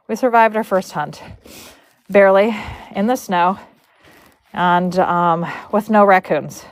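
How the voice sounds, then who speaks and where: A woman's voice: mid-range voice, slow, long pauses, no room sound. A woman from Michigan, a horse braider, chatting and telling a story casually on a livestream, retelling conversations with animation.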